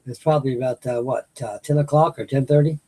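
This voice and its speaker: Older husky-voiced man rambling. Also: mid-range voice, fast, dark tone. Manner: folksy, meandering, restarts sentences. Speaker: host of a live stream. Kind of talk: rambling casual chat to viewers. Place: home at night.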